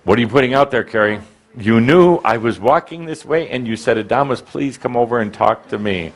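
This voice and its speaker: A man speaks on a handheld microphone to a live audience in a hall, leading a spiritual workshop. He teases and goads a participant, stumbling over restarts as he pushes on. His pitch sits in the middle range for a man. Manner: teasing, provocative, halting restarts. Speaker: spiritual teacher working with an audience. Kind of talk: interactive workshop talk.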